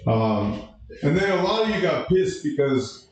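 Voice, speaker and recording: A man doing an open-mic stand-up set, halting with lots of uh and restarts. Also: fairly high pitch, big pitch swings, far from the mic. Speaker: stand-up comedian. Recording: echoey room from a live mic.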